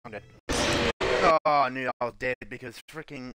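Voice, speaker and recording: A man's voice: mid-range voice, moderate pace, bright, forceful tone, slight background noise. A young man commentating a horror game live, swearing, yelping and telling the monsters to go away, his voice strained from coughing. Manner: jumpy, frustrated, swears, talks to game characters. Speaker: streamer.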